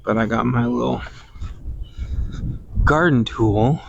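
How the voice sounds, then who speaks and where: A man hosting a casual podcast, musing out loud while working outdoors in his orchard, meandering and sometimes hunting for words. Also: medium pitch, slow, gravelly, lo-fi sound. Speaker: podcast host. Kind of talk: casual rambling monologue.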